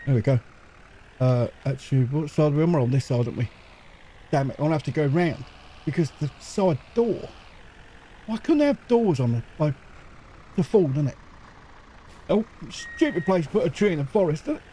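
A man's voice: a little high, expressive, moderate pace, long pauses, warm tone, a little hiss or hum. Giggly, chatty man gaming. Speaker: gaming YouTuber. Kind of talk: casual gameplay commentary.

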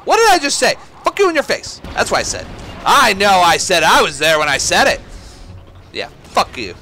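A man giving let's play commentary on a shooter game, excitable, swearing and yelling at enemies. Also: sits high, normal speed, slight background noise. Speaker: gaming YouTuber.

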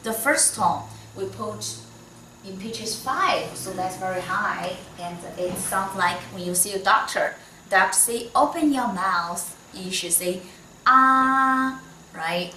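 Slow-talking Chinese-accented woman teacher. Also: mid-range voice, a little hiss or hum. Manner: slow, patient, non-native English, many soft "mm"s. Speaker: Mandarin teacher. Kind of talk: one-on-one online lesson. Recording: echoey room, voice from a distance.

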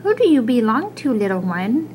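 A woman voicing a polite, soft-spoken young boy on a quest in a storybook reading. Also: fairly high pitch, sing-song, normal speed, slight background noise, low-quality recording.

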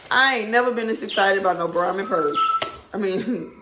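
A woman vlogger, chatting excitedly to her viewers as she unboxes a purchase. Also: mid-range voice, moderate pace, roomy sound, noisy background. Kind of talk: casual unboxing chat.

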